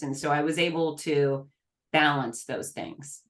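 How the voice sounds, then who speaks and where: A middle-aged woman speaking as an interview guest, earnest and emphatic with frequent quick restarts. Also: low-pitched, animated, a bit bright. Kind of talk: candid interview talk.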